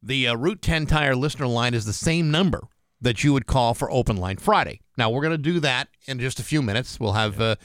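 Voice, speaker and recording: A man co-hosting a morning radio show, talking in relaxed banter with frequent fillers and restarts. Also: medium pitch, clear, resonant tone, no echo, clean studio sound. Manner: relaxed, halting with many fillers.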